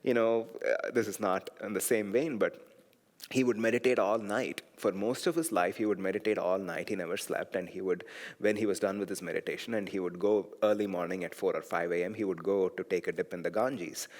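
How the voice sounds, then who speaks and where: A man's voice: low voice, steady tone, brisk. Guy teaching a meditation class, wanders a bit, chuckles, long echo off the hall. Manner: reflective, digressive, with soft laughs. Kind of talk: storytelling class lecture.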